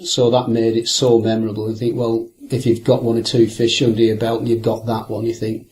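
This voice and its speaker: This older angler tells his fishing stories in a wandering interview style, often hesitating and starting over as he reflects on past anecdotes. He speaks briskly with barely a pause, in a completely flat, medium-pitched voice with a darkish tone.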